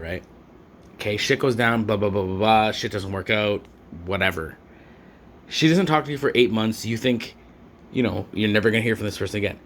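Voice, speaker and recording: A man's voice: fairly low pitch, a bit bright, a little hiss or hum. Rambling, foul-mouthed young man. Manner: profane, slangy and rambling, with frequent fillers. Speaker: vlogger. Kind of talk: rambling storytime rant.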